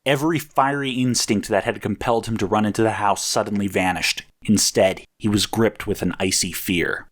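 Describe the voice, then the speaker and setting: A man reading a story aloud as narrator, in measured, even storytelling. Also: lowish voice. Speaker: audiobook narrator.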